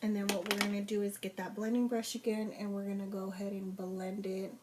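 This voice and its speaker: A woman's voice: medium pitch, level tone, fairly quick, mellow, slight background noise. Woman chatting through a makeup tutorial. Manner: chatty, step-by-step instructions with fillers. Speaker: makeup vlogger.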